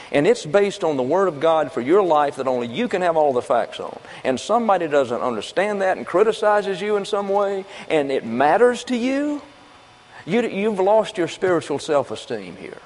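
A man's voice: fairly high pitch, darkish tone. A man preaching a sermon in a folksy, conversational way, asking and answering his own questions. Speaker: pastor. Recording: long reverb of a church hall.

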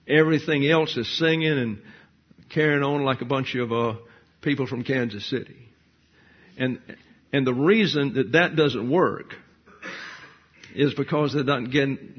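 A male preacher with a slightly husky voice works through scripture verse by verse. He poses rhetorical questions, then answers them in a didactic, matter-of-fact way, with the odd dry aside. The recording is dull and a bit lo-fi. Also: medium pitch. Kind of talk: verse-by-verse sermon.

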